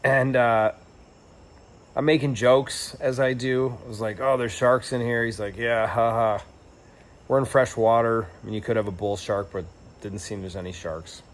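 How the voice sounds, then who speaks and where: A man's voice: medium pitch, steady tone, moderate pace, long pauses. A young man telling a travel story in a casual, rambling and reflective way, with lots of fillers and restarts. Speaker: travel vlogger.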